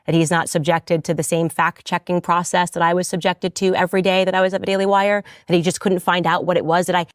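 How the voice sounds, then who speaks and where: A woman's voice: fairly low pitch, level tone, fast, no echo, clean studio sound. A woman in a played clip, arguing her case indignantly with pointed rhetorical questions. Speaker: commentator defending herself.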